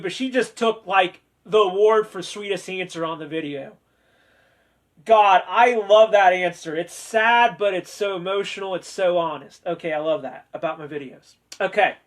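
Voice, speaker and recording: Male host, high voice, casual joking chat with sarcastic asides, sincere streak. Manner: chatty and joking, with playful sarcasm. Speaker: host of a discussion video.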